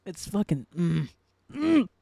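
A man's voice: high voice, sing-song, takes it slowly, vocal fry, dark tone, no echo. A man hosting his own solo podcast, talking casually and ranting heatedly, swearing a lot and rambling with many fillers. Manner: heated, profane, rambling with frequent "like". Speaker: podcast host.

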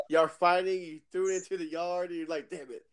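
High-voiced teasing man. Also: flat delivery, normal speed. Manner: teasing, prompting stories. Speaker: podcast co-host. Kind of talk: casual chat.

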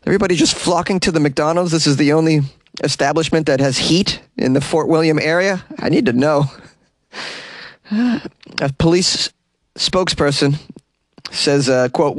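A man's voice: on the high side, no echo. A man hosting a comedy news podcast, reading stories aloud and cutting in with sarcastic asides. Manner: sarcastic, reads news then riffs on it. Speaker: podcast host. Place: small closet.

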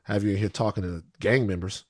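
A man co-hosting a podcast in casual, animated banter, riffing and swearing freely. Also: lowish voice, fast talker, no room sound. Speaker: podcast co-host.

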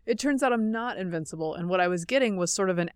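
A woman's voice: mid-range voice, animated, quick pace, smooth, no echo, studio quality. A woman from North Carolina and Georgia hosting a podcast, chatting casually and laughing easily. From North Carolina and Georgia, USA. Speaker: podcast host. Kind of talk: casual chat.

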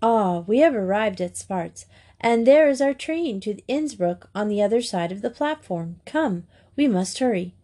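A woman's voice: medium pitch, expressive, measured pace, dark tone. Woman reader playing a serious polite schoolgirl, formal careful speech, storybook. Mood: earnest. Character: serious, courteous schoolgirl friend.

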